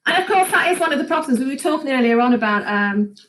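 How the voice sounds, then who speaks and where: A woman's voice: high voice, expressive, quick pace, fairly bright tone, slight background noise, rough recording. A woman hosting a gardening live chat, chatting casually and laughing often as she reads viewer comments aloud.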